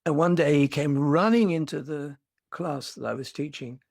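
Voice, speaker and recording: An older man, a meditation teacher, giving a reflective dharma talk with gentle humor and storytelling. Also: a little high, normal speed, creaky, no echo, clean studio sound.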